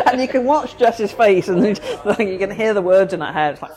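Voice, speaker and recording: A woman's voice: mid-range voice, expressive, moderate pace. A woman therapist, chatting casually and explaining things with everyday examples. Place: busy coffee shop. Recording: noisy coffee shop recording. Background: café crowd chatter.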